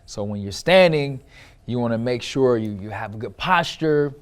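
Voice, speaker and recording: Expressive man teaching storytelling. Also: normal speed, smooth. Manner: expressive, varies loudness and pitch, repeats for emphasis. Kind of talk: instructional talk to camera.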